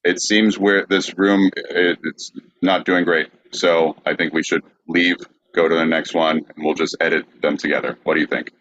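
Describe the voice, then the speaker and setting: Deep-voiced man, dull dry sound. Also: fairly even intonation, normal speed, fairly bright tone, dry recording. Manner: apologetic, patient under insults. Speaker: podcast host. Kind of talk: casual livestream hosting.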